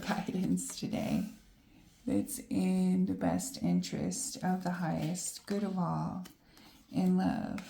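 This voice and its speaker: Low gravelly woman reading tarot. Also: warm tone. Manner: upbeat, laughs often, talks to the viewer. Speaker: tarot reader. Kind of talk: casual tarot reading to camera. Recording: roomy echo.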